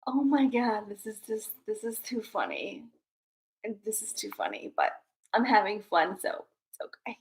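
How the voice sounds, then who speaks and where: A young woman hosting a casual livestream, bubbly and excitable, chatting to her viewers. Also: mid-range voice, moderate pace. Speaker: livestream host.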